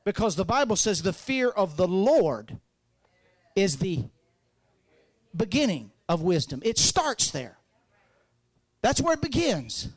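A man preaching a sermon, folksy and joking, rising to loud fervent peaks. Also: high voice, big pitch swings, takes it slowly, long pauses, no room sound. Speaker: pastor.

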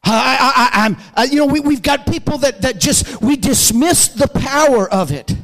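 A man preaching a fervent sermon, building to shouted emphasis and leading the congregation in call-and-response. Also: very high-pitched, expressive, normal speed, rough recording. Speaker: pastor.

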